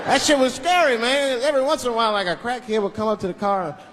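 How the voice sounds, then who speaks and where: A man's voice: extremely high pitch, fast. A man doing stand-up storytelling on stage, acting out the voices in his stories. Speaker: stand-up comedian. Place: comedy stage before a live audience. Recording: live show with loud crowd and noise. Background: loud audience laughter.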